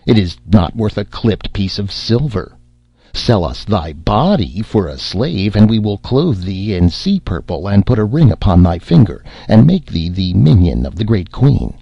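A man's voice: fairly low pitch, very animated, measured pace, gravelly, husky, no room sound, highs cut off, heavily acted. A man voicing a mocking, greedy merchant who talks scornfully in archaic speech. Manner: scornful and dismissive.

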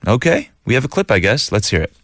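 A man's voice: medium pitch, fast talker, no room sound. A man hosting a casual radio show, reading listener messages and laughing easily. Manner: laughs easily, animated and chatty. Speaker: radio host. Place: radio studio booth.

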